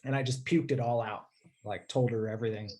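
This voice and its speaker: A man telling a personal story in a casual interview, candid and rambling, often clearing his throat and saying "dude". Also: mid-range voice, fairly even intonation, a little fast, dark tone.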